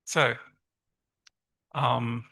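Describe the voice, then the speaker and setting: A man giving a lively, encouraging conference talk to teachers and asking the audience questions. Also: medium pitch, drawn-out words, vocal fry, dry recording, low-quality recording. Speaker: conference presenter on literacy teaching.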